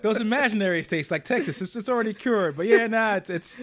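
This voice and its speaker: A man co-hosting a casual comedic chat, joking and quick, often stammering and restarting his sentences. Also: high voice, a bit bright. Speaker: podcast co-host.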